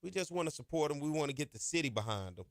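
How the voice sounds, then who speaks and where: Fired-up high-voiced podcast host. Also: male voice, sing-song, racing, dry recording, clean studio sound. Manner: emphatic, preachy, colloquial with "y'all" and "ain't". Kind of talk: impassioned sports podcast monologue.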